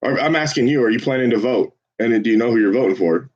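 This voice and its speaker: A man volunteering as a phone banker, chatting casually and swearing between calls, then switching to an upbeat salesman's pitch on the phone. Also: fast talker, darkish tone, muffled recording. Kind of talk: casual livestream chat with live phone calls.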